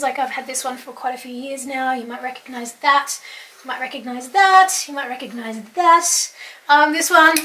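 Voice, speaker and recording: A woman's voice: sits high, a bit bright. A young Australian woman with an Australian accent giving a chatty, enthusiastic tour of her home closet, with lots of "like" and "um". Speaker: home and lifestyle vlogger. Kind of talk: casual wardrobe tour chat.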